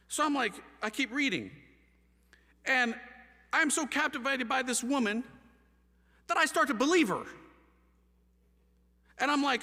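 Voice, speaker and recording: Animated man telling a story in a hall. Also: sits high, a little fast. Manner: lively, acts out voices, self-mocking. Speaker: speaker telling his conversion story. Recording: long hall reverb.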